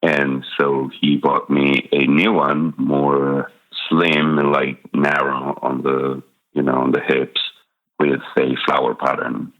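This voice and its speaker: A man's voice: extremely low pitch, level tone, slow pace. A middle-aged man from Spain with a Spanish accent, telling candid personal stories as a guest, full of fillers and small laughs. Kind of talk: personal storytelling. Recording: dull lo-fi sound.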